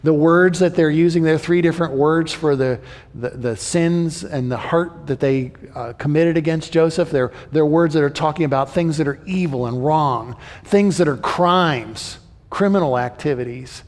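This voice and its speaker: A man preaching a sermon, his voice sitting somewhat high for a man. He talks in an animated way and acts out the people in the story. A long hall reverb trails each phrase. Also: moderate pace. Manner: animated, voices the brothers and Joseph in paraphrase.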